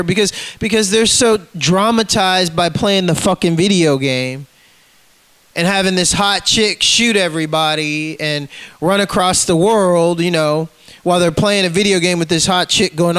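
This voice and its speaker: A man with a high-pitched voice rants, cursing freely and calling people out. His sound is dry and close, with no room behind it. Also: normal speed, a bit bright, no room sound, rough recording. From United States. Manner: ranting, profane, confrontational. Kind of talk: profane rant to camera.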